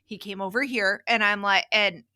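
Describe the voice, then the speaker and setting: A woman's voice: medium pitch, normal speed. A middle-aged woman co-hosting a parenting podcast, telling family stories in casual chat and acting out her kids' lines. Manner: animated storyteller, acts out her kids' lines. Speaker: podcast co-host.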